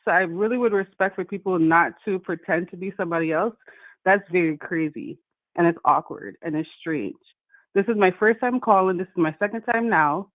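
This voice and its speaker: A woman's voice: fairly low pitch, brisk, no room sound. A woman caller from the Caribbean with a Caribbean accent, speaking emphatically and repeating herself as she complains. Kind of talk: call-in radio chat. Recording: tinny phone line.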